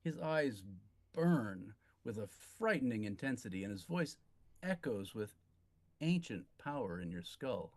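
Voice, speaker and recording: Slow-spoken man running a tabletop game. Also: medium pitch, expressive, a little mellow. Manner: descriptive, slow, some restarts. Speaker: game master.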